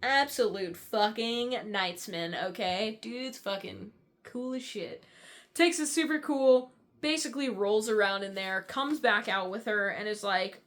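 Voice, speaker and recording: A woman's voice: medium pitch, measured pace, fairly bright tone. Chatty young woman recapping a book. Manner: chatty, rambling, frequent fillers and swearing. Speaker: book reviewer. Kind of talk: casual book breakdown.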